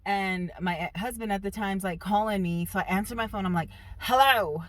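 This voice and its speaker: A woman in a casual storytime vlog, talking in an animated, emphatic way. Her voice sits at an ordinary middle pitch, and she leans hard on her punchlines. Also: fairly quick. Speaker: vlogger.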